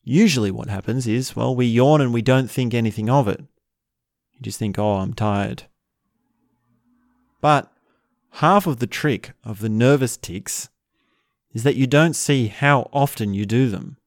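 A man's voice: mid-range voice, moderate pace, no room sound, studio quality. A man hosting a self-help video, talking through a practical tip in a playful, wandering way. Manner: playful, wandering, breaks into laughs. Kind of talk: casual spoken tip monologue.

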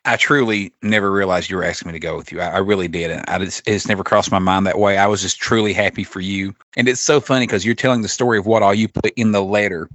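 Podcast co-host from Kentucky, male, low voice, rapid lively delivery, dry close sound. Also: no echo. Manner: animated storyteller, swears freely, laughs often. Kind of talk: casual chat.

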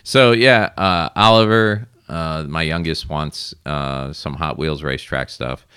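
A man in his thirties, co-hosting a podcast in casual chat and telling animated stories. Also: measured pace, smooth, dry recording, studio quality. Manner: animated storytelling, mimics people in high voices. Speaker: podcast co-host.

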